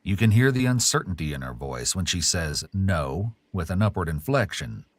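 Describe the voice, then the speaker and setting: A man giving measured, analytical scripted narration for a true crime show. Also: sits low, big pitch swings, slight background noise. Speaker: documentary narrator.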